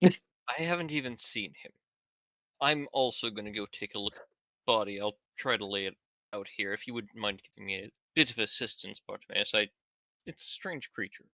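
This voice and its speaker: A male tabletop player talking as his character in a measured first-person way. His voice is bright and forward, recorded dry and close. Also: lowish voice, no echo. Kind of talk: casual tabletop play.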